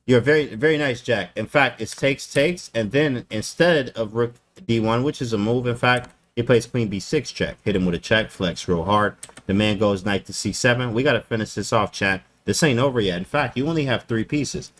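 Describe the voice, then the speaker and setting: A man streaming live chess commentary, animated and joking, who talks in casual slang and laughs often. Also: mid-range voice, normal speed, hardly any pauses.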